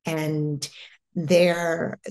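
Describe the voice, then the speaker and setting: Middle-aged American woman, interview guest; low-ish voice, unhurried, halting delivery with frequent restarts. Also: little pitch movement, darkish tone. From United States. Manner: slow, halting, with many restarts. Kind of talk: personal spiritual story.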